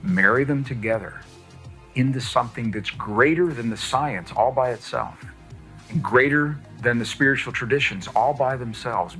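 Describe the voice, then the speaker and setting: Guy lecturing slow and deliberate, middle-ish voice, faint music behind. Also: medium pitch, fairly bright tone. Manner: measured, deliberate explanation. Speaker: speaker on science and spirituality. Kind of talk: lecture talk.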